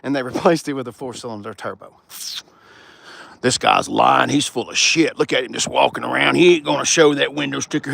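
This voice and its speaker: A man's voice: medium pitch, gravelly, a bit bright, a little hiss or hum. A man hosting a casual live car walkaround on a sunny outdoor dealership lot, rowdy and joking, swearing freely.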